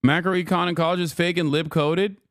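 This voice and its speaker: Exasperated, profane, high-voiced male streamer. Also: steady tone, fairly quick, no echo, clean studio sound. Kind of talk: ranting political commentary.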